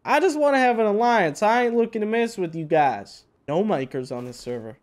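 A man's voice: animated, brisk, dark tone, close to an everyday voice. A man voicing a friendly, drawling southern guy over in-game voice chat, folksy and placating. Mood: pleading. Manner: folksy, placating, slightly raised pitch. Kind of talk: in-game voice chat role-play.

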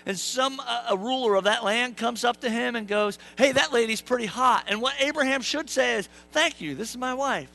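A male pastor delivers a sermon in a church, keeping it casual and full of jokes, turning to the congregation as he talks. His voice sits high and rings bright and clear, and he slips into playful voices when he acts out the quotes. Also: moderate pace, hardly any pauses, low-quality recording. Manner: joking, conversational preaching with asides to the congregation. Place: church sanctuary.

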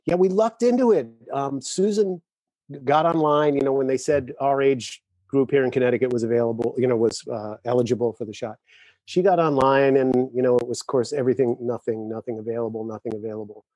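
A man's voice: medium pitch, fairly quick, warm tone, dry recording. Middle-aged man, easygoing storyteller, dry sound over video call. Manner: easygoing storyteller who laughs often. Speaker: guest drummer.

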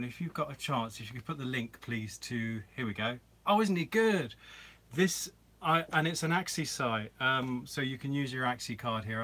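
Bright-voiced chatty man on a live stream. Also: medium pitch. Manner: chatty, rambling, greets viewers by name. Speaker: vlogger hosting a live Q&A. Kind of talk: casual live-stream chat. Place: inside a camper van.

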